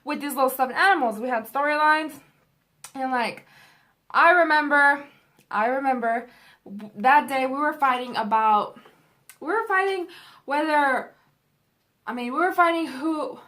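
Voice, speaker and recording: A woman's voice: high-pitched, a little slow, long pauses, pushed and bright. A young adult woman vlogger telling a story in a casual, rambling, profane way.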